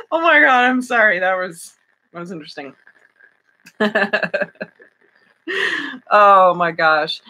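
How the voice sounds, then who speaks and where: A woman's voice: lowish voice, big pitch swings, slow pace, long pauses, bright, forceful tone. A woman chatting on a live stream from home, giggly and rambling, with many fillers and restarts. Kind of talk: casual live-stream chat.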